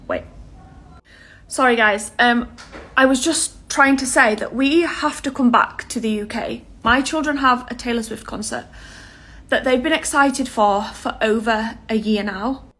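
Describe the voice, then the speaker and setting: A woman talks straight to camera in a personal vlog clip. She sounds earnest and close to tears, pleading and apologising as she goes. Her voice sits a little high. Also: unhurried, a bit bright.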